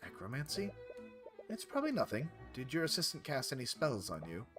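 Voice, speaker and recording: A man voicing a calm, formal healer in a game, quiet and precise. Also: mid-range voice, brisk, music in the background. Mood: measured.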